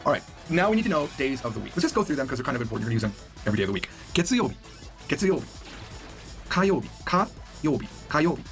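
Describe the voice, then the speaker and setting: A man's voice: medium pitch, big pitch swings, quick pace, a bit bright, faint music behind. A man teaching a beginner language lesson in an upbeat, chatty way, repeating each new word for the listener to drill.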